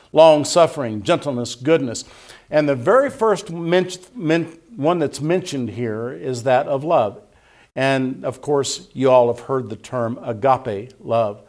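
Man preaching an earnest sermon. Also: medium pitch. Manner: earnest preaching, stresses repeated words, quotes scripture. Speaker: pastor.

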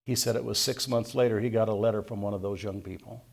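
A man's voice: fairly low pitch, steady tone, quick pace, vocal fry. An older man preaching a sermon as pastor, talking earnestly and conversationally and building to emphatic peaks. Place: church.

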